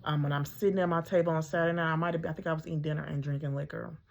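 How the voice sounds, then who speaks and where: A woman's voice: sits low, steady tone, rapid-fire, vocal fry. A middle-aged woman, a mother, telling her own story in a casual, conversational way, full of ums and acting out her own thoughts.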